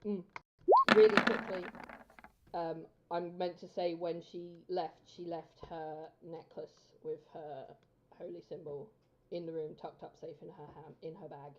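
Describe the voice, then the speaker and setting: A woman's voice: deep voice, flat delivery, measured pace, a little hiss or hum. A woman playing a tabletop game, describing her character's actions in a casual, hesitant way. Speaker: player. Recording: dull lo-fi sound.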